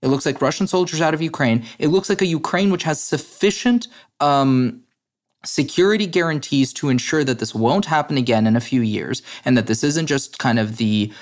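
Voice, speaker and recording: A man as a podcast guest, talking in an analytical, brisk way with frequent fillers and restarts. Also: medium pitch. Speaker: guest, head of a democracy advocacy group. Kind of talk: podcast interview.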